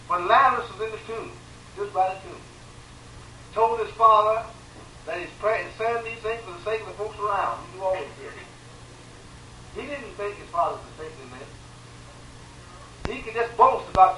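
A man preaching a sermon with emphatic repetition, swinging between loud pleading and quiet, sorrowful lines. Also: high-pitched, a little hiss or hum. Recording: echoey room from far off, faint ambience.

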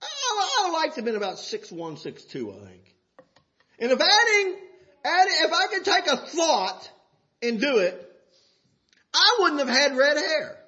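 An older man preaches a folksy sermon. His voice sits high, bright and lively, sliding from near-whispered asides up to full shouts. The recording is muffled and lo-fi. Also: a little slow, long pauses. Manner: folksy, swings from soft to shouting.

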